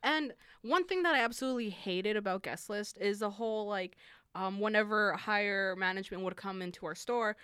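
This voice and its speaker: A woman's voice: mid-range voice, fairly quick, sharp tone, clean tone, dry recording, studio quality. A woman in casual chat, venting bluntly about retail work. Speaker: former retail store worker.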